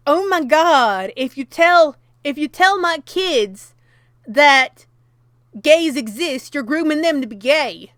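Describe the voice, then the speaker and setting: A woman's voice: sits high, lively intonation, slow, a bit bright, no room sound, studio quality, exaggerated voice. A woman putting on a Southern American accent to voice an indignant, outraged conservative parent with an exaggerated drawl.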